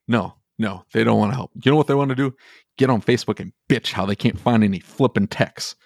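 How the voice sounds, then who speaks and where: A man's voice: medium pitch, fast talker, gravelly, darkish tone, no room sound, studio quality. A man co-hosting a podcast, talking in an exasperated, heated way and swearing casually. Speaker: podcast co-host. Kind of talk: animated ranting podcast conversation.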